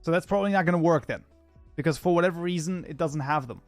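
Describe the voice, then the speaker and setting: A man with a slightly high voice chats with his stream audience, reads messages aloud and mutters through his code. The sound is close and dry, with faint music behind him. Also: fast, no echo. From Germany. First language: German. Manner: chatty, reads chat aloud and mutters while debugging. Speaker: livestreamer and programming tutor. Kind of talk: casual live-stream chat while coding.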